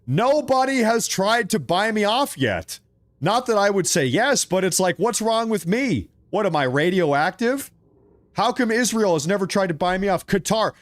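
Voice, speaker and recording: A high-voiced man from Oregon hosts a live political stream, reading viewer chat and cracking jokes between animated rants. He laughs often and talks at a normal speed, and the recording is dry.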